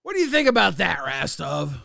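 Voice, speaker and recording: A man's voice: a little high, huge pitch swings, fairly quick, gravelly, sharp tone, no room sound, studio quality. A man hosting a casual live stream, reading chat aloud and teasing his co-hosts.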